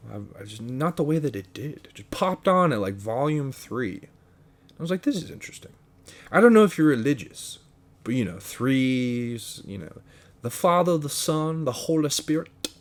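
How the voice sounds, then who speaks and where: A man's voice: medium pitch, animated, moderate pace, no room sound. A man hosting a solo podcast, rambling in a meandering, profane stream of consciousness. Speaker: podcast host.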